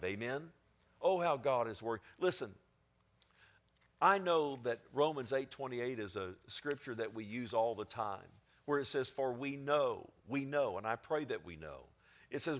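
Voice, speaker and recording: Guy preaching a sermon, goes soft then loud, keeps asking amen?. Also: mid-range voice, moderate pace. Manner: expressive, swings between quiet and emphatic; asks the congregation for amens.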